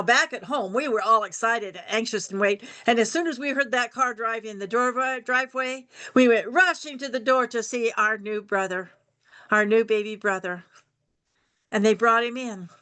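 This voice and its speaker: An older woman telling a personal family story aloud, unhurried, repeating phrases for rhythm. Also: mid-range voice, a bit bright.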